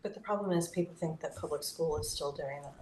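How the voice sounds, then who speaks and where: A woman co-hosting a casual talk podcast, measured as she reads out facts. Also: deep voice, a little mellow. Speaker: podcast co-host. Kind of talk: casual chat. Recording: echoey room with faint noise.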